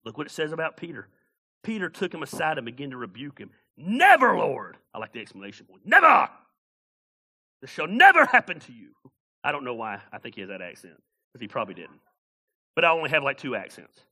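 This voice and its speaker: A man preaching a sermon as pastor, animated, with shouted bursts and jokes. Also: medium pitch, quick pace.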